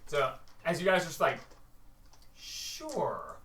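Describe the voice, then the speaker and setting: A game master narrating a tabletop game in a loose, animated way, full of fillers. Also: mid-range voice, normal speed. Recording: roomy room, distant mic, faint hiss.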